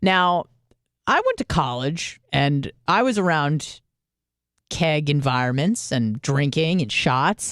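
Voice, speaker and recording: A woman's voice: low voice, no room sound, studio quality. Profane young woman radio host. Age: 20s. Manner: candid, profane, self-deprecating storytelling. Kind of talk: casual monologue.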